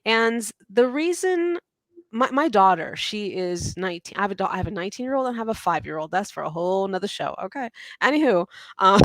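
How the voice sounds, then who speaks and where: A woman in her forties talks with lively, self-mocking warmth as an interview guest, laughing often. Her voice sits in a middle range and sounds dry and close, as if on a video call. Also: medium pitch, fairly quick, no echo. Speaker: podcast guest, teacher and mom. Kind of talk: casual interview chat.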